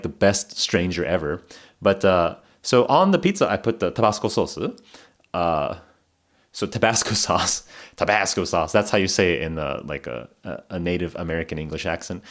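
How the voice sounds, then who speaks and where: A man hosting a podcast, telling a casual story in a rambling way, full of fillers and restarts, and laughing now and then. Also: low-pitched. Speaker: podcast host.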